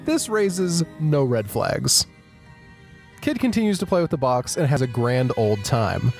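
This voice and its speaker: A man hosting a podcast, telling a creepy story in a wry, animated way. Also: mid-range voice, measured pace, creaky, soft background music. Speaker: podcast host. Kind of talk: casual storytelling.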